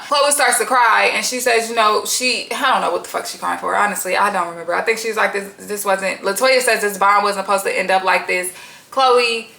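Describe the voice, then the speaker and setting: A woman's voice: mid-range voice, creaky, reverberant. A woman giving a casual reality TV recap, talking bluntly, swearing freely and often breaking into laughter. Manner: blunt, profane, frequent laughter; chatty, slangy and animated.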